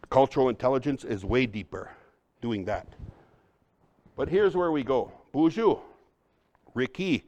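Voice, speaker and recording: A man giving a lively, joking workshop talk on cultural practice, often calling his audience folks. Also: mid-range voice, no room sound. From Upper Midwest, United States. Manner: energetic, joking, addresses the crowd as folks. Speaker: cultural trainer.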